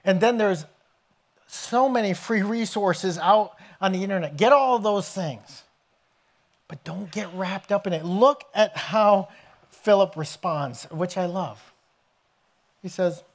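A man preaching a sermon as pastor, telling scripture stories in an animated way and acting out the scenes. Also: high-pitched, a little slow, long pauses. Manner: animated storytelling, acts out scenes with raised voice.

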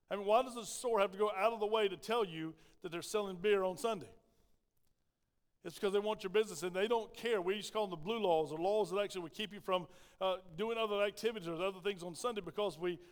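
Male pastor, folksy sermon delivery, smooth resonant tone, reverberant sanctuary. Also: sits high. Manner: folksy, conversational preaching with asides. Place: church sanctuary. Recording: long hall reverb.

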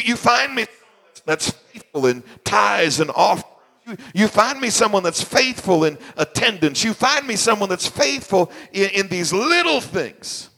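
A man's voice: sits high, bright, forceful tone. A man, a senior pastor, preaching a sermon at a church service. He sounds tired and talks emphatically, often restarting and repeating his phrases.

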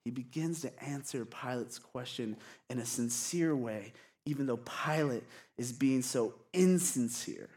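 A man's voice: medium pitch, measured pace, a little mellow. A male pastor giving a casual, candid sermon to his congregation, with frequent "like" and self-deprecating asides. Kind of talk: conversational sermon. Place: church congregation.

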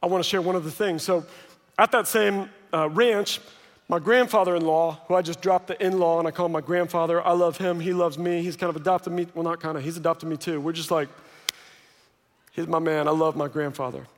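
High-voiced pastor in a reverberant hall. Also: male voice, fairly quick. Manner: lively storytelling with joking asides. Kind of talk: sermon. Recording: long reverb of a large hall.

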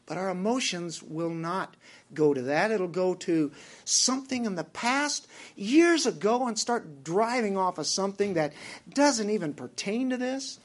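A man's voice: high-pitched, animated, unhurried. A man with a Southern US accent who preaches a sermon as pastor, asking his congregation direct questions.

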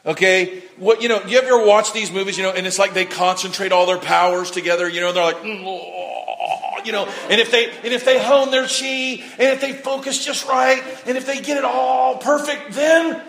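Animated high-pitched male preacher. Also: fairly quick, few pauses. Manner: animated storytelling, voices people, repeats words, shouts at peaks. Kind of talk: sermon.

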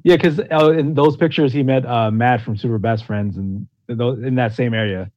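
A man's voice: medium pitch, normal speed, a little mellow, dull audio. A man hosting a podcast in casual chat, laid-back, chuckling and using many fillers. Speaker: podcast host.

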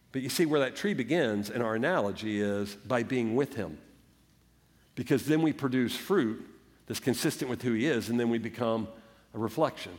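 A man's voice: medium pitch, normal speed, long reverb tail. A man preaching a sermon as pastor, earnest, sometimes acting out the voices of doubters and of Jesus. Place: church sanctuary.

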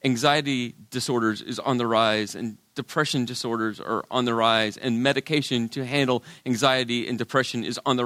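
A middle-aged male pastor preaching a sermon, his delivery swinging from loud, emphatic lines to hushed, quiet ones. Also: medium pitch, no room sound.

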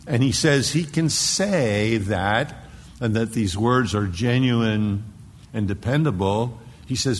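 A man preaching an expository sermon, dropping to a hushed whisper for emphasis and digressing into word study. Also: mid-range voice, measured pace. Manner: dramatic drops to a hushed whisper. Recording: long echo in a large hall.

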